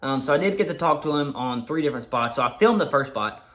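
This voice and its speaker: A man telling an excited, swear-filled story to the camera in a casual vlog. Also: medium pitch, fast talker. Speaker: vlogger.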